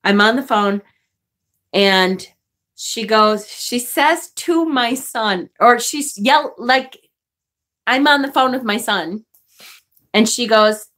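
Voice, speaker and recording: A middle-aged woman casually telling a story on her vlog, animated and profane, jumping into high outraged bursts when she replays arguments. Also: slow pace, pauses often. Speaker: vlogger. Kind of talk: casual storytelling vlog, reading live chat.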